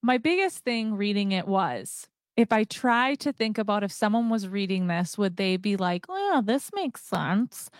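A woman's voice: medium pitch, moderate pace, hardly any pauses, smooth, dry recording, clean studio sound. A woman teacher co-hosting a radio talk show, frank and exasperated as she thinks aloud. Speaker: teacher co-host.

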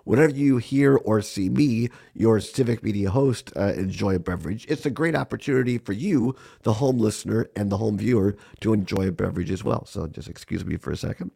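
A man hosts a radio talk show with a voice made gravelly and husky by a cold. He talks in a loose, rambling way and chuckles often. He is in a small radio studio. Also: on the low side, fairly quick, few pauses, mellow. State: hoarse from a cold.

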